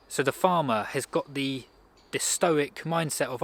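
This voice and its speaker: A man at an average pitch giving a casual motivational talk. He speaks conversationally and rambles, breaking off and restarting sentences as he goes. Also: moderate pace, a bit bright. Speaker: self-improvement speaker.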